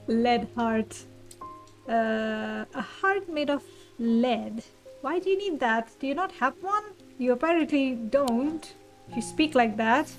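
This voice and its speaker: A woman's voice: on the high side, lively intonation, slow, faint music behind, low-quality recording. A woman thinking aloud through a blind playthrough of a puzzle game. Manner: thinks aloud, muses softly. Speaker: game streamer.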